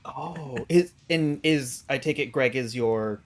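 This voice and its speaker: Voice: medium pitch, takes it slowly. A tabletop player speaks hesitantly, often trailing off and restarting. The voice shifts between character speech and table talk.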